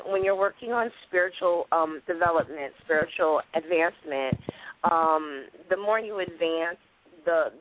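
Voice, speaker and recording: A woman's voice: lowish voice, slight background noise. A woman hosting a radio show, chatting casually and laughing often. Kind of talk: casual chat. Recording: phone-line audio.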